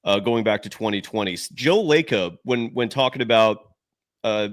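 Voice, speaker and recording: A man hosting a live postgame basketball talk show from his home, an animated storyteller who acts out quotes. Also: on the low side, normal speed. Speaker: show host.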